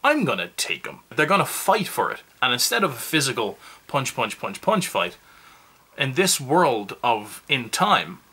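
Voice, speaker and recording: A man's voice: medium pitch, big pitch swings, measured pace, pushed and bright, breathy edge. A man giving a casual, rambling movie review, full of self-mocking asides.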